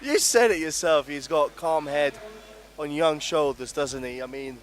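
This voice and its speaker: A man co-commentates on an indoor cricket match. His voice is fairly high-pitched, and he asks his partner questions. He reacts to each ball with upbeat enthusiasm. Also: a little slow. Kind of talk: live sports commentary.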